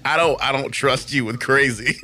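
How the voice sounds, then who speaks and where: A man's voice: mid-range voice, moderate pace, bright, forceful tone. A man co-hosting and producing a casual podcast, teasing his friend, laughing often and tripping over his words. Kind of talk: casual chat.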